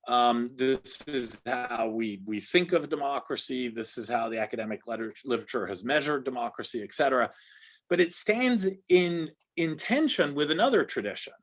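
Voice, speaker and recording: A man's voice: medium pitch, fairly bright tone. A man with an American accent giving an academic lecture over a video call, thoughtful, often restarting and checking in with "right?". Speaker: guest lecturer.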